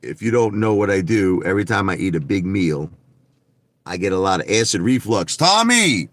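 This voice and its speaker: A man's voice: deep voice, a little fast, no room sound. A man hosting a casual livestream about stocks, brash and profane, repeating himself, recorded at home. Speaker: livestream host on stock trading.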